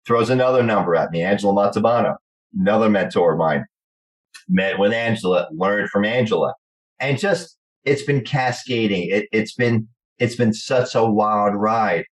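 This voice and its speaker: Man, New Jersey accent, middle-aged, low voice, lively storyteller, interview guest. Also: moderate pace, low-quality recording. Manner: animated storyteller acting out quoted voices. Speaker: guest actor.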